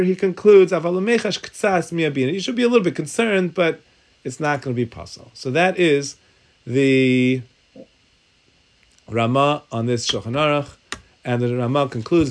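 He talks at a normal pace in a voice on the high side while teaching a Talmud and halacha class in a synagogue study hall. His delivery is thinking-aloud, full of restarted sentences and Hebrew terms mixed into English.

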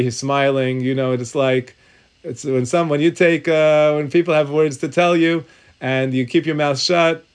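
A man teaching a Talmud and halacha class in a synagogue study hall, thinking aloud, often restarting sentences and mixing Hebrew terms into his English. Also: mid-range voice.

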